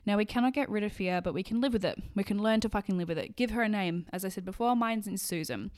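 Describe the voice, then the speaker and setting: A woman's voice: medium pitch, quick pace. A woman hosting a solo podcast, talking bluntly and swearing freely, acting out little quoted voices as she goes. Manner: blunt and sweary, lots of profanity; animated, acts out quoted voices. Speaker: podcast host. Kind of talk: casual solo podcast monologue.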